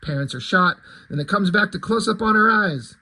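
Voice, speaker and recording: A man's voice: high-pitched, lively intonation, normal speed, pushed and bright, rough recording. A middle-aged man giving a casual comic book review, rambling, sarcastic and swearing freely.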